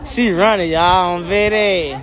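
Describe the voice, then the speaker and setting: A man's voice: sits high, measured pace, crowd noise. A young man hosting a phone livestream outdoors on a city block, using hyped, profane street slang to push his viewer count up. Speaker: livestream host. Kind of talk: casual livestream chat.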